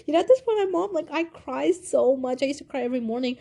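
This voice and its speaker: Young woman vlogger, slightly high and mellow voice, candid and rambling storytelling. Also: animated, quick pace, vocal fry, hardly any pauses. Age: young adult. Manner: candid, rambling, full of "like" and "you know". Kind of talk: casual personal storytelling.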